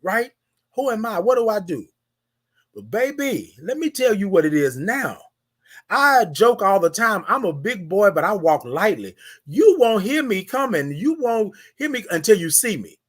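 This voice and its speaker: A high-pitched male morning-show host delivers a hype, preachy pep talk at a normal speed, his tone fairly bright and very animated. He speaks slangy and informal, addressing listeners directly by name and repeating phrases for emphasis.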